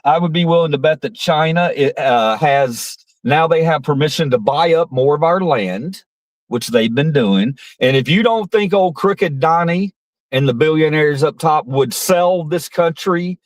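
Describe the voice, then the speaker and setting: A man's voice: a little high, unhurried, no room sound. A man giving casual, rambling political commentary on his stream, profane and mocking, with frequent restarts.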